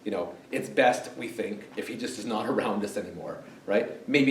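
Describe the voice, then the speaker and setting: A male pastor with a lowish, brisk voice preaches a sermon in a church sanctuary, keeping it conversational and putting questions to the congregation. The recording has a faint hiss or hum, with the mic set far off in an echoey church hall.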